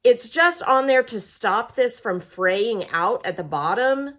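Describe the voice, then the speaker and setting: A woman's voice: fairly high pitch, animated, slow pace, a bit bright. A woman from Oklahoma, chatting through a casual how-to demonstration and talking to viewers like friends. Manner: chatty and folksy, talks straight to viewers as friends. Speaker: product demonstrator.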